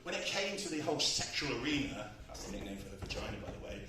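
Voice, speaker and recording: A man's voice: medium pitch, big pitch swings, fast talker, bright, forceful tone, slight background noise. A man doing a bawdy, self-mocking stand-up set, laughing at his own jokes on a comedy club stage. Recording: echoey club with crowd, from far off. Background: audience laughing.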